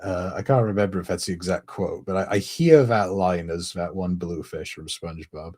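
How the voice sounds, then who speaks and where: A man's voice: low-pitched, normal speed, a little mellow. A man streaming a casual reaction, rambling, musing aloud and laughing often. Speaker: streamer reacting to a comic chapter.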